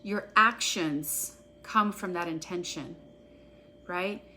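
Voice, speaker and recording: A woman practitioner guiding an EFT tapping session, speaking in an earnest, gentle, affirming way. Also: lowish voice, slow pace, slight background noise.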